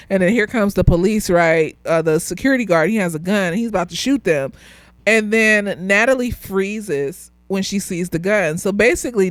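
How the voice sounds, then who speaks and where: A woman's voice: on the low side, clear, resonant tone, no room sound. A slightly tipsy woman, a therapist, giving a loose, rambling review of a TV show, swearing freely and laughing often.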